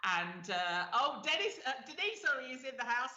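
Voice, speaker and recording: A woman's voice: sits high, big pitch swings, normal speed, hardly any pauses, pushed and bright. A middle-aged woman hosting a show, chatting casually and laughing often, with lots of fillers. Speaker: radio show host. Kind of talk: casual chat. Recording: echoey, dull lo-fi sound.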